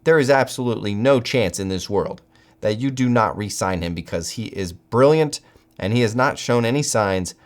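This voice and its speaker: An American man hosting a football channel, giving solo commentary with animated, incredulous outbursts. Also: fairly low pitch, normal speed.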